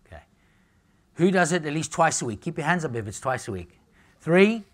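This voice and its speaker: A man's voice: fairly high pitch, very animated, fairly quick, a bit bright. A man with an Australian accent giving a live health seminar, blunt and jokey, swearing casually. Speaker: nutrition speaker. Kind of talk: live seminar talk to an audience.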